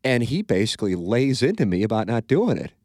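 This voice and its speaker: A man's voice: medium pitch, sing-song, a little fast, a little mellow, no room sound, studio quality. A middle-aged man hosting a radio-style podcast, telling profane, self-mocking stories in casual chat. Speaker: radio show host.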